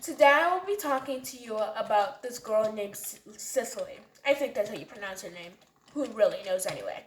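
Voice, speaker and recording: A woman's voice: a little high, lively intonation, brisk, a little hiss or hum. A woman narrating a storytime in a chatty, casual way. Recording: roomy echo.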